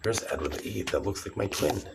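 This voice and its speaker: Deep-voiced rambling man in his forties. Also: expressive, brisk, creaky, noisy background. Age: 40s. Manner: agitated, repetitive, restarting sentences. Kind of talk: rambling direct-to-camera monologue.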